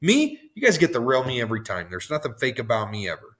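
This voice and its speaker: A man hosting a motivational podcast, his voice hoarse and worn out, rambling off on tangents and laughing at himself. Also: medium pitch, huge pitch swings, fast talker, fairly bright tone. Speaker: podcast host.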